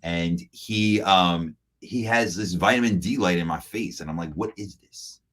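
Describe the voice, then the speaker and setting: The podcast host is a man with a low-pitched, slightly bright voice speaking at normal speed. He chats casually and tells stories, mimicking the voices of people he quotes and laughing often.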